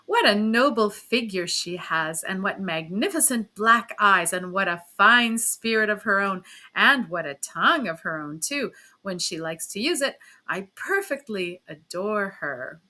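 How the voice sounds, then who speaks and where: A woman reading a loud, teasing young husband. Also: mid-range voice, animated, unhurried, few pauses. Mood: boisterous. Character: blustering hearty young gentleman husband.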